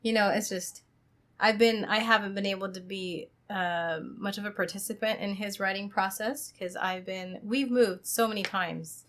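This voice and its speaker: A woman's voice: mid-range voice, fairly even intonation, normal speed, a bit bright. A tired woman co-hosting a podcast at home late at night, chatting casually. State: tired, yawning. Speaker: podcast co-host. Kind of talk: casual chat.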